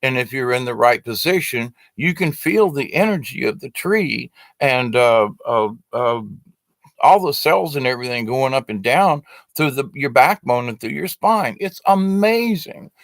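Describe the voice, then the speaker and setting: A man's voice: mid-range voice, expressive, unhurried, vocal fry, no room sound. A man giving a casual, rambling spoken teaching to a live stream audience, talking to his webcam with many fillers and restarts. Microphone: webcam facing the speaker.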